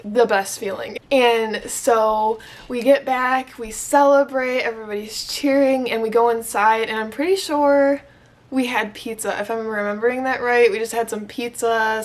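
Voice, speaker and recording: A young woman from Michigan telling her proposal story to the camera, gushing and emotional, with lots of "like.". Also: a little high. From Michigan, USA. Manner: gushing, emotional, heavy use of "like". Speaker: vlogger.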